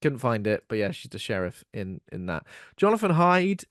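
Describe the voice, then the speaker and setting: A man's voice: mid-range voice, very animated, normal speed, dry recording, clean studio sound. A man co-hosting a podcast in casual chat, rambling and self-mocking, laughing often. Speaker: podcast co-host.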